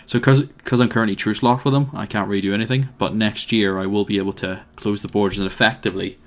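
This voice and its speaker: Slightly low-voiced man musing over a game. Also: fairly even intonation, fast talker. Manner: thinks aloud, hesitant with frequent fillers, wry. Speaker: let's play host. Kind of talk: casual strategy game commentary.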